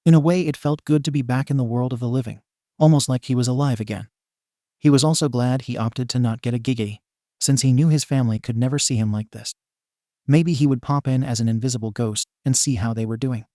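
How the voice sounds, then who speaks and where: A man reading a fan fiction story aloud in an even, measured narration. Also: medium pitch, no room sound, studio quality.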